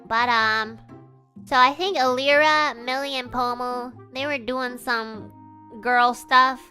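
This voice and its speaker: A woman's voice: high-pitched, fairly even intonation, slow, pushed and bright, soft background music. A young woman streamer telling a story to her chat in a casual, giggly way, full of "like" and "you know".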